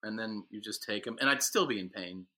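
A man's voice: lowish voice, brisk, sharp tone. A man chatting casually on a podcast, rambling with fillers and laughing at himself. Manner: rambling, self-deprecating, many fillers and laughs. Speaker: podcast co-host. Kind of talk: casual chat.

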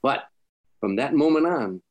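An older comedian telling stories in an interview, animated, acting out quotes, with frequent stammers and restarts. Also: male voice, mid-range voice, unhurried. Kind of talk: storytelling interview.

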